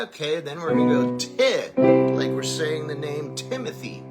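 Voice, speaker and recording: A man's voice: fairly high pitch, expressive, normal speed, over music. A man teaching a singing lesson, explaining technique and then singing short vowel drills to demonstrate. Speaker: vocal coach.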